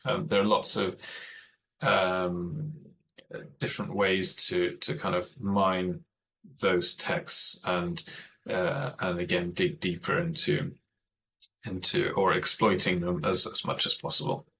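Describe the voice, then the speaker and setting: A man's voice: low-pitched, level tone, slow pace, gravelly, bright, forceful tone, slight background noise, rough recording. A man giving an online training presentation for teachers, explaining methods in a thoughtful way and often correcting himself mid-sentence.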